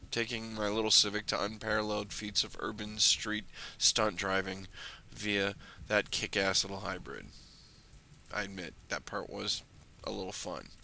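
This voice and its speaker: A man's voice: lowish voice, sharp tone, slight background noise. Wry young man telling a story. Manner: dry, wry narration in clipped checklist phrases. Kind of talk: first-person storytelling.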